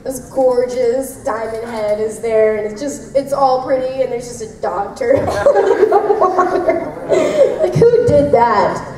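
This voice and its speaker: A woman's voice: a little high, unhurried, distant mic, crowd noise. Bubbly woman on an echoey convention panel. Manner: bubbly, laughs often, acts out voices in stories. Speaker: voice actress answering fan questions. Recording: echoey hall, mic heard from afar.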